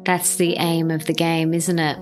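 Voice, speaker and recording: A woman hosting a podcast interview, talking warmly and enthusiastically. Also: deep voice, completely flat delivery, normal speed, faint music behind. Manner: enthusiastic, gushing with gratitude. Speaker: podcast host. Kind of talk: casual interview chat.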